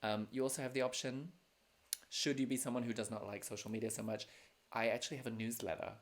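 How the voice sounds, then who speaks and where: A man's voice: medium pitch, fairly even intonation, quick pace. A man hosting a livestreamed drag show from home, chatting casually with plenty of fillers and self-mocking jokes. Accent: non-American. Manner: self-deprecating, joking, many fillers.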